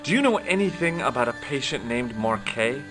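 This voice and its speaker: A man playing a sardonic adult male amateur detective who narrates and questions people with deadpan wisecracks, in a game with faint music. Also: medium pitch, moderate pace, close to an everyday voice. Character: wry adult male detective, dry humor.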